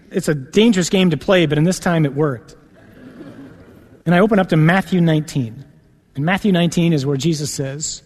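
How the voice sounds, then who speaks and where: Lively storytelling priest in a reverberant hall. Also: male voice. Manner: lively storyteller, acts out dialogue with rising pitch. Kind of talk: personal testimony sermon.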